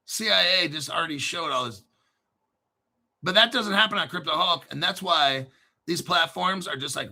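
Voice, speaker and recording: A man hosting a crypto channel, delivering a profane, combative rant and often clearing his throat. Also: fairly high pitch, normal speed, bright, forceful tone. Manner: profane, combative, boastful ranting. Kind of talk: ranting solo commentary.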